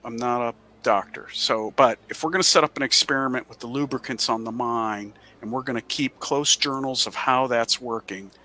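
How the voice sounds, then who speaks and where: A man's voice: mid-range voice, normal speed, few pauses, sharp tone. A man playing a tabletop game, earnestly reasoning through his character's plans. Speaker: player.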